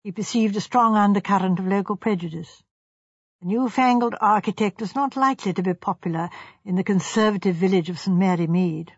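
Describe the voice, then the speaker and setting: An audiobook reader narrating a mystery in an even, measured way. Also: mid-range voice, slightly rough, no room sound, highs cut off. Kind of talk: scripted narration.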